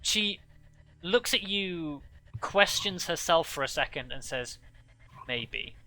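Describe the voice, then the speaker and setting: A man running a tabletop game as game master, narrating haltingly with many restarts. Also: high-pitched, lively intonation, bright, forceful tone. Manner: halting, full of restarts and fillers.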